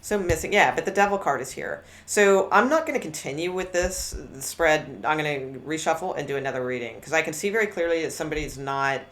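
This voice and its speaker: Low-voiced woman reading tarot, blunt. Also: expressive, fairly quick, hardly any pauses. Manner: candid, blunt, rambling with many restarts. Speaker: tarot reader.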